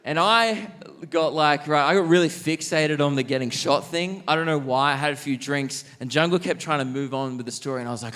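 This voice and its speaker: Animated Australian stand-up comedian. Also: male voice, a little high, fairly quick, clean tone. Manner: animated, rambling, self-mocking storytelling. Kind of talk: stand-up storytelling. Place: theatre stage.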